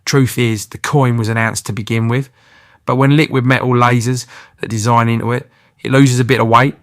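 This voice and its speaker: A man's voice: mid-range voice, steady tone, normal speed, no room sound, studio quality. Cheeky man narrating. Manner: cheeky banter with British slang. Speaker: channel host. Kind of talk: scripted comic voice-over narration.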